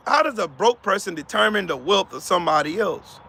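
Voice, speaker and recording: A man's voice: high voice, lively intonation, moderate pace, creaky, bright, forceful tone, slightly rough. A man hosting a live stream, giving heated, profane commentary and talking to viewers in the chat by name. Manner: profane, fired-up, repetitive.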